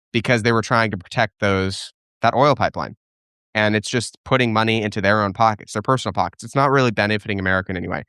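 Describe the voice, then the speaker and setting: A young man with a smooth, lowish voice runs a casual live stream, fielding viewers' questions in opinionated bursts. He thinks out loud, restarting sentences and using fillers as he goes. The sound is dry, a bit bright, close-miked and free of echo.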